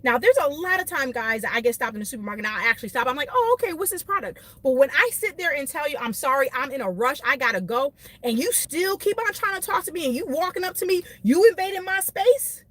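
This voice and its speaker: Woman vlogger, fairly high voice, emphatic live-stream rant from her car. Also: fast talker, hardly any pauses, dry recording. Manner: animated, emphatic, laughs often, talks to chat by name. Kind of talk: casual venting rant to live viewers.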